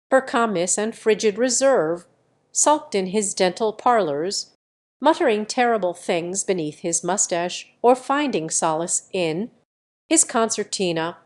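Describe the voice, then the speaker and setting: A woman reading a classic novel aloud as an audiobook narrator, even and measured. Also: medium pitch. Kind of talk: scripted narration.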